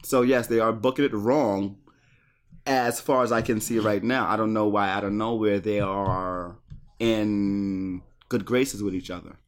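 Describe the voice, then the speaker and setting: A man's voice: on the low side, steady tone. A man hosting a podcast, recapping wrestling in rambling casual chat full of restarts. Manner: rambling, stumbling restarts, quick to laugh.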